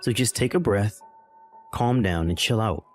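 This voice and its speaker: A man's voice: lowish voice, measured pace, faint music behind, lightly acted. A man voicing a callous young husband in an acted text story, brushing things off with exasperated sighs. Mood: dismissive.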